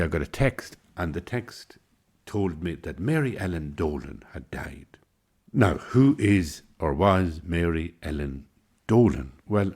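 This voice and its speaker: A man's voice: deep voice, a little mellow, breathy edge. An Irish man telling a personal story in a reflective, meandering, wry way.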